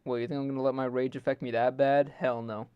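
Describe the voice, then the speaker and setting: A man's voice: mid-range voice, little pitch movement, fast talker, clear, resonant tone, no echo, lo-fi sound. A young man streaming live, ranting in an exasperated, joking way and swearing heavily while his setup fails. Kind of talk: casual live-stream rant.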